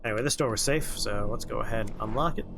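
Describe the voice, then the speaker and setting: A man with a lowish voice streams a horror game at a quick pace, with background noise and the game's music clearly audible. His commentary is casual and rambling, packed with jokes, puns, and asides.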